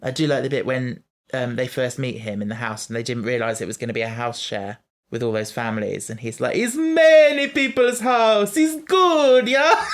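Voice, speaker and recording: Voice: medium pitch, fast talker, hardly any pauses. Chatty podcast host. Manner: chatty, animated, quotes scenes. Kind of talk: casual chat reviewing an episode.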